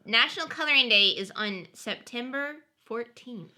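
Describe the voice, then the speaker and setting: A young woman with a very bright, ringing voice co-hosts a casual podcast. Her pitch sits a little high and swings widely as she reads through a list with upbeat energy. She laughs easily between items. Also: animated, normal speed. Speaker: podcast co-host. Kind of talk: casual chat.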